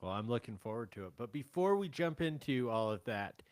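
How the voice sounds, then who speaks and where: A man's voice: medium pitch, animated, brisk, no echo. A man hosting a podcast in casual chat, hesitant with lots of fillers. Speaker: podcast host.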